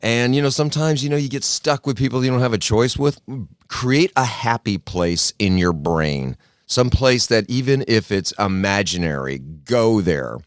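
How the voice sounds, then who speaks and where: A man's voice: low voice, no room sound, clean studio sound. A man hosting a podcast, telling a story in a folksy, casual way and acting out the people in it. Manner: folksy storyteller, acts out quotes, frequent restarts. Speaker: podcast host. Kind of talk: casual solo talk.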